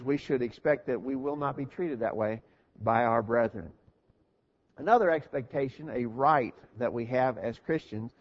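A man preaching a sermon in an earnest, steady teaching manner, asking rhetorical questions. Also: on the high side. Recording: dull lo-fi recording.

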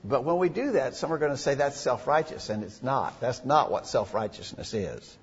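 A man's voice: mid-range voice, animated, normal speed, husky. A man preaching a sermon in an earnest, emphatic way, reading scripture aloud. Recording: dull lo-fi recording in a reverberant hall.

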